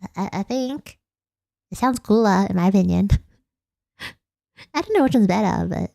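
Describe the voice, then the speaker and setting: Australian woman streamer, mellow tone, giggly and rambling, dry close sound. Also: mid-range voice, lively intonation, unhurried, vocal fry, no echo. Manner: giggly, rambling, self-deprecating. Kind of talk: casual late-night chat stream.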